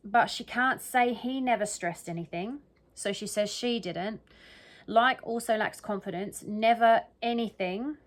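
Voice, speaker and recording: Speaking a little high and a little slow, a woman offers casual true crime commentary by herself. She mulls over an interview's exact wording out loud, often pausing to ask "right?" or "okay?".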